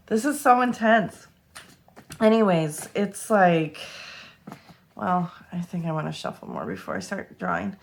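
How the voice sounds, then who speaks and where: A woman's voice: on the low side, sing-song, takes it slowly, long pauses. A young woman giving a tarot reading to camera, emotional and close to tears, swearing freely as she talks. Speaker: tarot reader.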